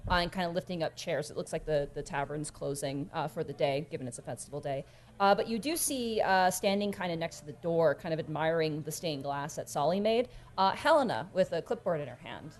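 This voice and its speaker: A woman running a tabletop game as game master, relaxed and full of fillers, trailing off softly at phrase ends. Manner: relaxed, lots of fillers, drops low and soft at phrase ends.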